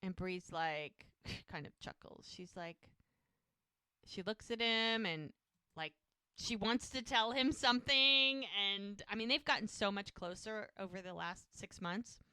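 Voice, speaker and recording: A woman's voice: medium pitch, animated, measured pace, bright, forceful tone, smooth, no room sound, studio quality. A woman co-hosting a podcast, retelling TV scenes in casual chat and quoting the characters' lines. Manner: retells scenes with quoted dialogue. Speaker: podcast co-host.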